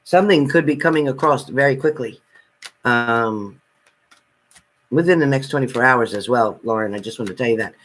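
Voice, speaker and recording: A man's voice: medium pitch, moderate pace, a bit bright, poor audio. A man doing a live tarot reading, chatting and reassuring viewers by name as he goes. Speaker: tarot reader.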